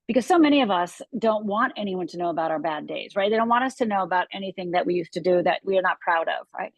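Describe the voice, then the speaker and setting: A woman's voice: medium pitch, no room sound. Earnest woman telling a personal story. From Upper Michigan, USA. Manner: earnest, vivid storyteller with emphatic repetitions. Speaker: guest, life coach. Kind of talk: personal storytelling in a podcast interview.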